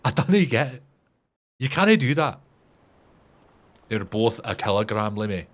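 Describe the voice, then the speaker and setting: A man putting on a stereotypical Scottish accent, voicing a brash, sweary Scotsman who gets loud and exasperated. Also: mid-range voice, very animated, a little slow. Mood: mock-indignant. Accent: put-on Scottish.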